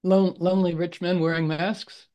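A man leading a casual group video call, rambling with many restarts and frequent throat clearing. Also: high voice, level tone, moderate pace, darkish tone, lo-fi sound. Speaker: group leader.

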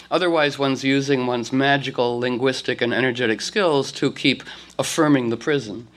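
A man's voice: medium pitch, brisk, fairly bright tone, slight background noise. A man leading a casual talk for a group, rambling with many fillers and restarts, often laughing. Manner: rambling, full of "you know" and restarts, laughing.

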